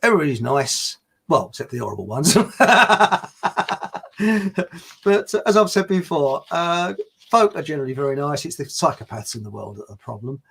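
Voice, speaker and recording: Husky man, rambling live chat. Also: a little high, sing-song, normal speed, a bit bright. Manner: rambling, chuckles often. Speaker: live-stream host. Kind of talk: casual live-stream chat answering viewers.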